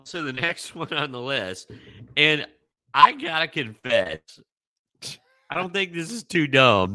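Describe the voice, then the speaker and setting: Slow, lively-voiced man chatting casually. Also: a little high, no echo. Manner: laughs often, playful. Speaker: podcast co-host. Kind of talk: casual chat.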